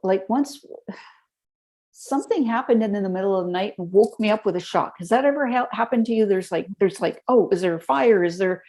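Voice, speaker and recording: Speaking a little fast in a medium-pitched voice, a woman guesting on a podcast tells lively stories. She also breaks down health tips step by step during the conversational interview.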